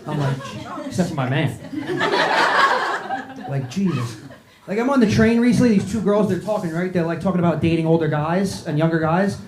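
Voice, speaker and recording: A man's voice: a little high, animated, brisk. A man doing a profane stand-up set, riffing with the crowd in a small club. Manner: brash, profane, riffs with the crowd. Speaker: stand-up comedian. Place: small comedy club with audience. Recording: echoey club, noisy live room.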